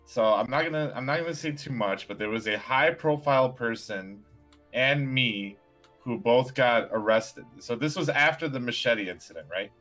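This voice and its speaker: A man with a mid-range voice tells a story in casual chat. He is animated and stumbles over restarts. Faint music plays behind him. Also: medium pitch, moderate pace. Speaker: tabletop game player.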